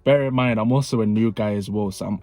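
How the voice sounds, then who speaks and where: A young man telling a personal story in a casual vlog, animated and prone to repeating phrases for effect. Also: fairly low pitch, quick pace, dry recording. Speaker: vlogger.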